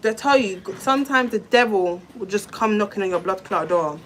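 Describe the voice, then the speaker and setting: A woman's voice: mid-range voice, expressive, brisk, fairly bright tone, slight background noise. A woman on a live stream, telling her viewers a heated personal story in a blunt, swearing, direct way. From London. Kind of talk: emotional live-stream rant.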